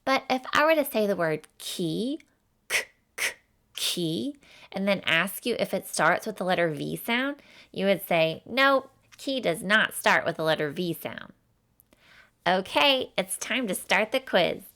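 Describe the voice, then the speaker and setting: A woman as Dixie, slow folksy teacher. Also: mid-range voice, expressive, sharp tone. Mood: cheerful. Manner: encouraging, sing-song, folksy. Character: cheerful folksy young woman teacher for kids. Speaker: phonics teacher. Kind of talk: children's phonics lesson.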